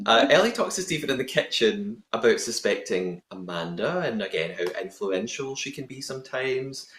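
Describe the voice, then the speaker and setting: A man hosting a podcast, recapping a reality show in a chatty, giggly, animated way. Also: medium pitch, moderate pace. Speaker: podcast host. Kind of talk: casual recap chat. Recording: roomy echo.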